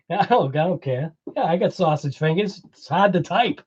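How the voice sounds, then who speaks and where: Man, Boston accent, livestream host, chatty and rambling, slow talker, muffled audio. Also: high voice, darkish tone, breathy edge. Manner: chatty, laughs often, rambling explanations. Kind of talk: casual livestream chat.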